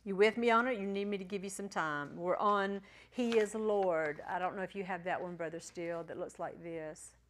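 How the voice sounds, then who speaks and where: A woman teaching a church class, patiently spelling out letters and sounding out syllables slowly. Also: fairly low pitch. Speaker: Bible Greek teacher.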